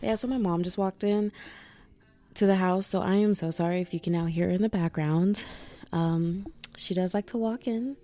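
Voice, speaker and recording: A woman's voice: fairly low pitch, fairly quick, warm tone. A young woman vlogging in a chatty, rambling way, full of asides and "like"s. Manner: chatty, self-interrupting, many "like"s. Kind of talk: casual rambling chat.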